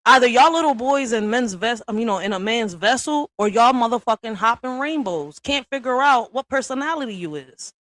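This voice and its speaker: A woman giving a blunt, profane response rant to another creator, often tagging lines with "all right?" and swinging from low and quiet to loud and high. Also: lively intonation, brisk, few pauses, no room sound, poor audio.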